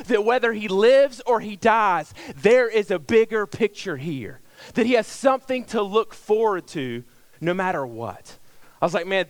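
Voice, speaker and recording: A middle-aged male pastor preaching a sermon, telling a personal story conversationally and swinging between loud emphasis and hushed, near-whispered lines. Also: sits high, dry recording.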